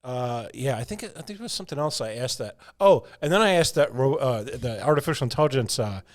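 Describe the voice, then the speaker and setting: A man's voice: medium pitch, animated, fast. Male podcast co-host, casual and rambling, laughs easily. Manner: rambling, chuckles often. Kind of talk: casual chat.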